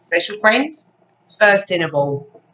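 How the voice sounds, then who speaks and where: A woman's voice: medium pitch, big pitch swings, slow, a bit bright, distant mic. A woman with an English accent teaching a phonics lesson to young children, praising often in a sing-song way. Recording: dull sound from off mic.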